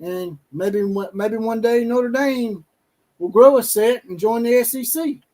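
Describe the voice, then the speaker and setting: A man's voice: very high voice, measured pace, warm tone, low-quality recording. A man hosting a casual sports talk stream, teasing and trash-talking with a laugh. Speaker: show host.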